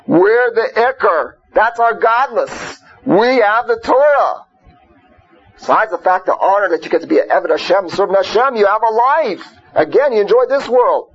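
A man's voice: sits high, animated, moderate pace, husky. A man teaching an informal Torah class, talking conversationally, peppering his points with rhetorical questions and Hebrew and Yiddish terms. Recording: muffled lo-fi recording.

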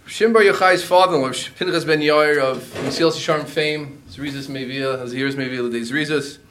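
Man teaching Talmud, a touch high-pitched, explains steadily and slips in Aramaic and Hebrew phrases. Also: brisk, a bit bright, soft background music. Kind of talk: Talmud class lecture.

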